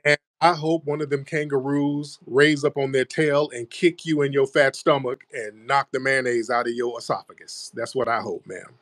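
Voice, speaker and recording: A man hosting a live stream trades insults in a heated argument. He mocks and taunts the caller in a mid-pitched, steady voice, and the close mic sounds dry, with no room sound. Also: moderate pace, hardly any pauses, no echo. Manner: mocking, taunting, repeating "ma'am". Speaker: livestream host.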